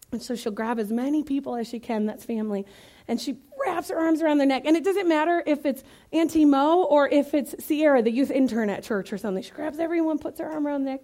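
A woman from Iowa preaching to a church congregation, lively and conversational, joking and emphatic as she talks to the room. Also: fairly high pitch. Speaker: guest preacher. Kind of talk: sermon.

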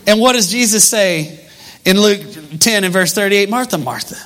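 A male pastor delivers a sermon in a relaxed, talk-to-the-room way. He tells stories with animation. His voice sits high and sounds bright. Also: normal speed. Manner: conversational, animated storytelling.

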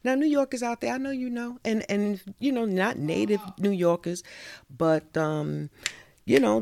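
Gravelly New York woman, lively storyteller. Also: on the low side, no echo, clean studio sound. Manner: chatty, laughs often, many "you know" fillers. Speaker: spoken-word poet and storyteller. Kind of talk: poem recital, then casual monologue.

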